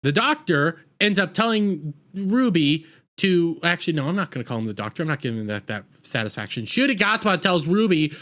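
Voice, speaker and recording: A man's voice: on the high side, sing-song, a little fast, fairly bright tone. A man rambling through a casual episode recap with a sarcastic edge. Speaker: TV episode reviewer.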